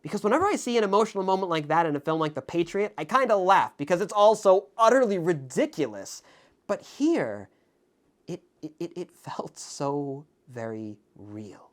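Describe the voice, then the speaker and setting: A man hosting his own film review video, talking to camera in a reflective, halting way with many fillers and restarts, earnest and openly moved. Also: a little high. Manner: ornate formal sign-off. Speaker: film review channel host. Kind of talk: casual spoken film commentary to camera. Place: indoors in front of a camera.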